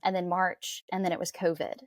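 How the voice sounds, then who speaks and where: A woman guest on a podcast interview, speaking in a reflective, earnest way with soft fillers. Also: on the low side, flat delivery, a little fast, no echo.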